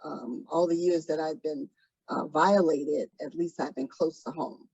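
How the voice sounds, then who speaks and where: A woman recounts her past in a soft, hesitant interview voice, often pausing to gather herself. Her voice has a husky edge. The sound is dry and a little dull, like a lo-fi recording. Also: low voice, steady tone, no room sound. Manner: soft-spoken, hesitant, many pauses and ums. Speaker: trafficking survivor guest. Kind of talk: interview testimony.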